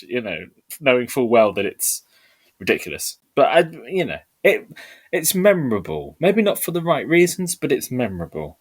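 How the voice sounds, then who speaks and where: A podcast co-host chatting casually, animated and incredulous. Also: medium pitch, normal speed, slightly rough. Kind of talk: casual chat.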